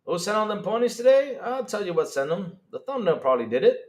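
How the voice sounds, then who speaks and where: Excitable high-pitched man, animated and roomy. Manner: excitable, incredulous, laughing, rapid swings in loudness. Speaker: podcast host reading live chat. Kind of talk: animated live-stream chat.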